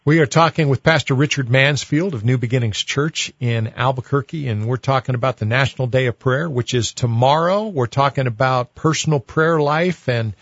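A male radio host interviewing a guest, steady and affirming. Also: medium pitch, normal speed, few pauses, no echo, dull audio. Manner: steady, affirming with short hums.

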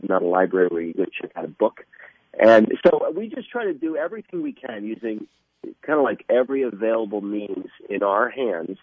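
A man speaking as a guest in a radio interview, earnest and halting, often restarting his sentences. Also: fairly low pitch, slightly rough, no echo. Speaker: guest from an evangelistic ministry. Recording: tinny phone line.

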